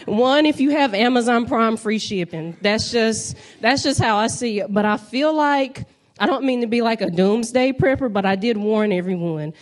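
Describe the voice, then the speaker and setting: A woman's voice: fairly high pitch, normal speed. A young woman from North Carolina, doing a brash, playful stand-up set and talking straight to the crowd from a comedy club stage.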